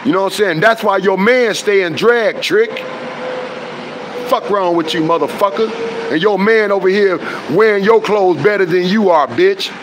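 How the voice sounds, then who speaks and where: High-pitched man ranting with profanity. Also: moderate pace, noisy background. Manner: confrontational, profane, trails into fillers. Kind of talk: heated direct-to-camera rant.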